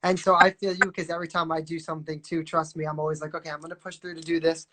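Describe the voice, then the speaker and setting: Emphatic woman with a lowish voice. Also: flat delivery, racing, background noise. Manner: encouraging, emphatic, agrees often. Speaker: host of a live chat. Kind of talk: casual chat. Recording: live social video.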